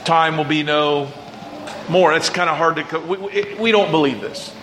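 A man in his forties preaches with a high, bright voice, talking to his congregation like a friend and asking them to say phrases back. The sound is roomy, with a faint hum of ambience behind him. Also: normal speed. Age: 40s. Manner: conversational preaching with call-and-response prompts. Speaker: pastor. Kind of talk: sermon.

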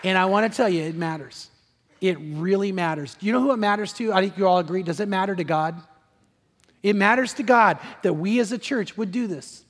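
A man pastor preaching a sermon, building to impassioned peaks and then easing into a quiet prayer. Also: brisk, in a large hall. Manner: impassioned preaching that rises in pitch and volume, then drops to a soft prayer. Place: large church auditorium.

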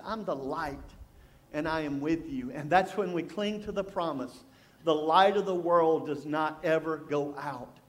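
A middle-aged man preaching a sermon as a pastor, telling stories and shifting from loud humor to hushed, intense appeals. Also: high voice. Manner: storytelling, swings from loud jokes to hushed intensity.

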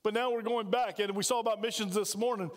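Male pastor, high voice, conversational sermon, long church reverb. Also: steady tone, quick pace. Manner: conversational preaching, asks the congregation questions. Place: church sanctuary.

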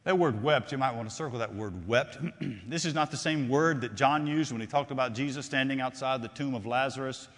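A man preaching a sermon, swinging between loud declarations and hushed, drawn-out phrases and repeating his lines for effect. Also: mid-range voice. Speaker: pastor. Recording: long hall reverb.

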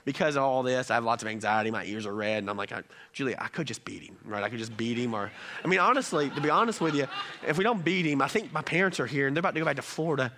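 A pastor in his thirties preaching a sermon and telling a family story, moving from quiet, low asides to loud, animated stretches. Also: racing.

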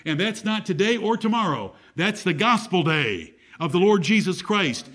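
A man's voice: sits high, animated, normal speed, few pauses, fairly bright tone. A man preaching a Bible-teaching sermon who reads scripture aloud in a raised, declaiming voice and asks the audience questions. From United States.

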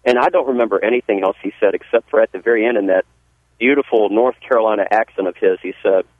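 Over a dry, phone-like radio line, a Georgia pastor with a Southern US accent talks quickly in a fairly low voice. He tells his life story in an interview with earnest, folksy warmth, often backing up to restart a sentence.

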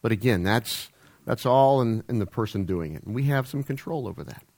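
A man's voice: lowish voice, animated, brisk, creaky, a little mellow. A man preaching a humorous sermon in a church, rambling and jokey with self-deprecating asides. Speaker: pastor. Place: church sanctuary.

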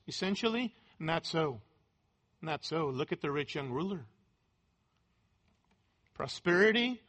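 A man delivers a sermon from the pulpit in short, deliberate phrases, hammering home his points by repeating key words. His voice sits high and has a bright, forceful edge. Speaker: pastor. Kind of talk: expository sermon.

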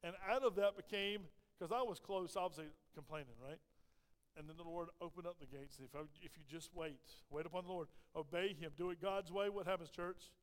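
A man's voice: a little high, a little fast. A man preaching a sermon, telling a personal story and acting out the voices of people in it. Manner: animated storyteller, acts out quoted voices. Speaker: pastor. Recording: long hall reverb.

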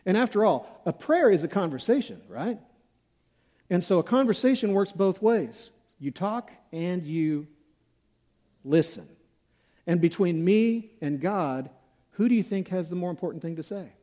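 A man's voice: sits high, animated, a little slow, mellow. A male pastor preaching a sermon in a conversational, self-deprecating way, acting out examples as he goes.

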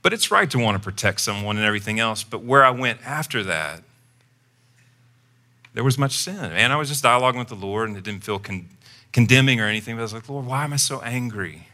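A man's voice: on the low side, fast talker. A man preaching a sermon as pastor, telling a personal story in a conversational way and acting out his own lines. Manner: conversational storytelling, animated when quoting himself.

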